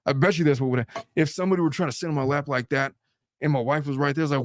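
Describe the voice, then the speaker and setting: Man, podcast host, blunt and animated, swears a lot, dry close sound. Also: on the high side, rapid-fire, dry recording. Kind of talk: casual podcast chat.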